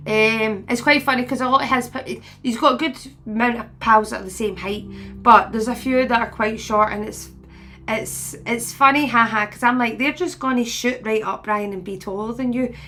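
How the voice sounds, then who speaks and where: A woman's voice: on the high side, steady tone, moderate pace, sharp tone, soft background music. A woman in her forties chatting casually to viewers, rambling and laughing often as she retells conversations. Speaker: spiritual medium host.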